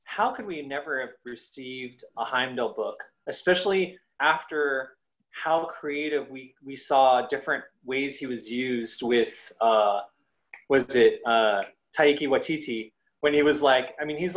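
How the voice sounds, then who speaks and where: A man's voice: medium pitch, a little slow, rough recording. A man co-hosting a podcast, rambling and restarting his thoughts in casual chat. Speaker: podcast co-host.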